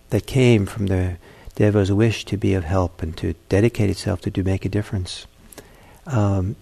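A man, a meditation teacher, giving a dharma talk and telling a fable in a gentle, halting way. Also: fairly low pitch, gravelly.

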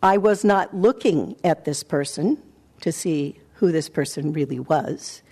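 A woman meditation teacher giving a dharma talk, telling a personal story in a reflective, halting way with soft pauses. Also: sits low, slightly rough. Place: meditation center hall.

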